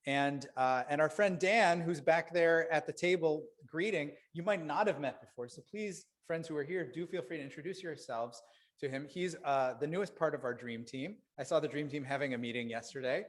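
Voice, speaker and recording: A man leading a synagogue service, speaking in a relaxed, chatty way with fillers, over guitar accompaniment. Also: fairly high pitch, moderate pace. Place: synagogue sanctuary. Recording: guitar music under the voice.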